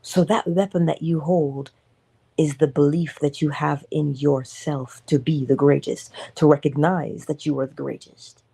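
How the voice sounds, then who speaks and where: A woman's voice: deep voice, fairly even intonation, unhurried, creaky, mellow, slightly rough. A woman giving an inspirational morning talk in an emphatic, preacher-like way, sometimes dropping to a whisper. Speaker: motivational speaker.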